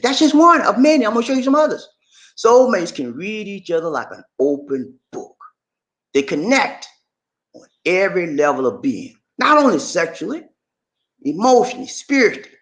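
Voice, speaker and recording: A man's voice: on the high side, a bit bright. A man giving relationship advice to camera in an emphatic, preachy way, repeating himself and often calling his listeners "man". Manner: emphatic, repetitive, keeps saying "man". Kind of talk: preachy motivational talk to camera.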